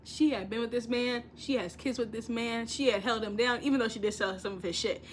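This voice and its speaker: A woman's voice: a little high, a little fast, a little hiss or hum. A young woman casually recapping a reality show, telling the story with lots of laughter and acted-out quotes. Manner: animated storytelling, acting out quotes, frequent laughter. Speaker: commentary vlogger.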